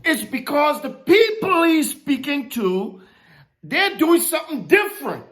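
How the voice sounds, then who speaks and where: A woman preaching a sermon, teaching from scripture in a slow, emphatic way. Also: high-pitched, big pitch swings. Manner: emphatic, rising and dropping sharply, slow deliberate preaching.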